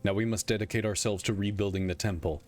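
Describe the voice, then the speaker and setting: A man's voice: on the low side, fairly even intonation, a little mellow, natural voice. A man reading out a weary, candid god-king. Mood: solemn. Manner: reads text aloud in a plain measured voice.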